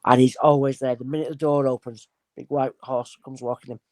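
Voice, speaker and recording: Speaking a little fast with an extremely low pitch and no echo, a spirit medium guest tells casual stories. She's animated and acts out the voices of the people she describes.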